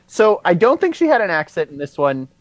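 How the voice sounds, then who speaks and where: A man's voice: sits high, very animated, a little fast, no echo, rough recording. A man guesting on a podcast, giving blunt, opinionated takes in casual chat.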